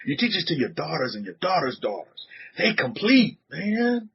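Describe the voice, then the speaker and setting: A man preaching a sermon to a congregation, animated, repeating words and putting questions to the room, on a dull lo-fi recording. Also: fairly high pitch, normal speed, creaky, husky. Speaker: rabbi teaching a congregation.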